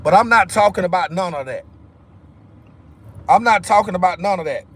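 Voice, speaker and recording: A high-pitched man vents on his livestream. He talks heatedly and profanely, circling back to the same phrases again and again. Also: lively intonation, normal speed, fairly bright tone, husky. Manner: heated, repetitive, profane ranting. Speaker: livestream host. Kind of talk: angry livestream rant.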